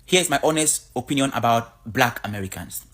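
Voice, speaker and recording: Blunt, animated woman vlogger. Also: a bass voice, brisk. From Cameroon. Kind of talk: opinionated vlog monologue.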